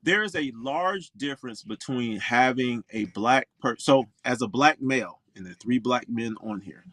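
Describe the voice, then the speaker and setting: Forties man from Florida, outspoken storyteller, mid pitch, dry studio sound. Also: no room sound. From Orlando, Florida. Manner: outspoken, emphatic, animated storyteller. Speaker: pro golfer guest. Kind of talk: interview storytelling.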